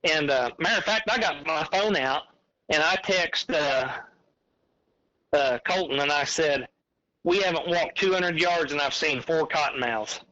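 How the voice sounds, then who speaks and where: Animated man on a phone line. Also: a little high, a little slow. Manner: animated storyteller, drawling and rambling. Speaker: podcast guest on the phone. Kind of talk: casual chat.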